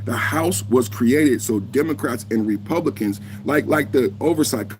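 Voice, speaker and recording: A man of fifty hosting a live podcast, reacting heatedly, cursing and shouting at trolls in the chat while he holds his phone. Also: medium pitch, normal speed, noisy background. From United States. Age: 50s. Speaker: podcast host. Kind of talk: live-stream reaction talk. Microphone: phone held in hand.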